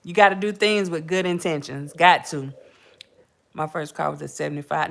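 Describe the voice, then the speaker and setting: A middle-aged woman hosts a podcast, telling casual stories to her viewers, chatting away, laughing often and calling them y'all. Her voice is low and fairly bright, with a steady tone, vocal fry and a moderate pace.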